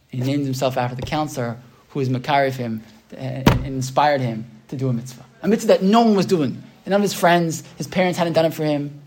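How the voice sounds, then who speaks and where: A man preaches quickly, his voice sitting a little higher than most men's. He tells a long story in an earnest tone, repeating himself and checking in with the listeners as he goes. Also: a little mellow, slight background noise. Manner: earnest storytelling with repeated phrases and frequent "right?". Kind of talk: sermon.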